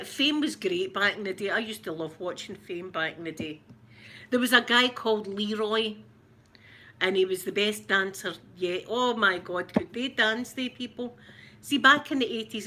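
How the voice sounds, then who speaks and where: Bright-voiced Scottish woman chatting. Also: medium pitch, slight background noise. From Scotland. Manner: rambling and chatty, quick to laugh, greets viewers by name. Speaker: ASMR livestream host. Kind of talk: casual livestream chat.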